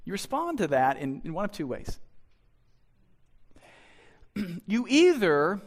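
A male pastor with a high-pitched voice delivers a sermon in a church. He acts out imagined conversations, swinging from hushed asides to loud, emphatic lines. His delivery is lively and theatrical. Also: takes it slowly.

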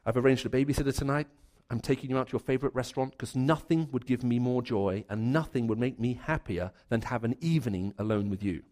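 A man's voice: mid-range voice, quick pace, few pauses, darkish tone. A man preaching a sermon to a live congregation, conversational and storytelling, with frequent restarts and fillers. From raised in the Middle East.

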